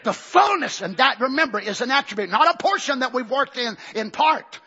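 High-pitched, husky male preacher shouting. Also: expressive, a little fast, lo-fi sound. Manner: swings from shouting to hushed near-whispers. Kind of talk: fiery Pentecostal sermon.

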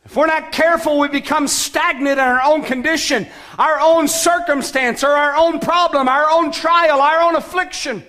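A man preaching a sermon as pastor, emphatic, with shouted calls to action and sudden soft, low passages. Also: steady tone, moderate pace.

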